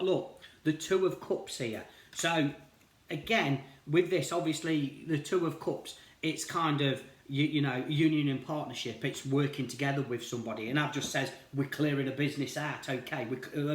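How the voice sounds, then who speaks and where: A man giving a casual tarot reading to viewers, talking in a rambling, reassuring way and often saying "you know". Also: mid-range voice. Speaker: tarot reader. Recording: roomy echo.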